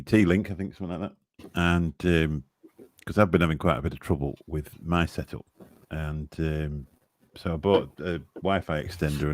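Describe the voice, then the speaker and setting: A man chatting as a guest on a live stream, rambling and self-deprecating, with a sarcastic streak. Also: extremely low pitch. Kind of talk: casual chat.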